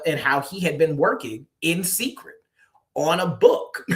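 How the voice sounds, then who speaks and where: A man's voice: a little high, a bit bright. A man, a poet and author, telling stories in a casual interview, laughing often and acting out the voices of the people he quotes.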